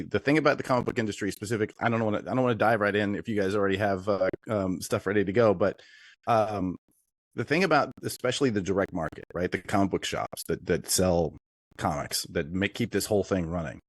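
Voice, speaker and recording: A man's voice: on the low side, brisk, no echo. A man guesting on an interview show, eagerly explaining his field and thinking aloud as he goes. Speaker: interview guest, industry consultant. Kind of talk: casual interview.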